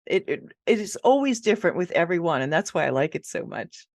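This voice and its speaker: A woman guest on a podcast, telling animated stories about her writing work and laughing easily. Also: fairly low pitch, a little fast, creaky. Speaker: ghostwriter guest. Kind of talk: casual interview chat.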